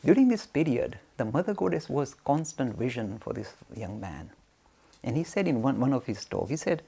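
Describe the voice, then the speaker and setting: A man telling a spiritual story as a lecture. He talks in an animated way, waving his arms, and asks himself questions that he then answers. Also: mid-range voice, normal speed, creaky, breathy edge. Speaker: spiritual teacher.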